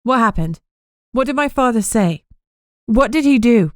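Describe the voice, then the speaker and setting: A woman's voice: very animated, moderate pace, darkish tone, dry recording, studio quality, natural voice. Woman doing a proud, strained young woman. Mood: anxious. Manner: strained, high, emotional delivery. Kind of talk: audiobook character voice.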